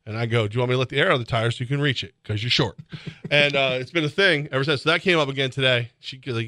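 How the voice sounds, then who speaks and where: A man hosting sports radio, talking animatedly with laughs and sudden shouts, reading ads in a studio. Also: medium pitch, racing, no room sound. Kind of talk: casual sports radio banter with live ad reads. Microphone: close studio mic.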